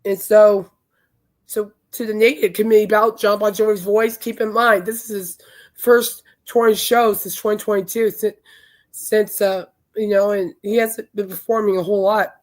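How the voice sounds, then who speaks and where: Hoarse woman hosting a chatty podcast. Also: mid-range voice, fairly even intonation, normal speed, darkish tone. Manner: chatty, emphatic and indignant. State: hoarse from singing. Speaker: podcast host. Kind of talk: casual chat.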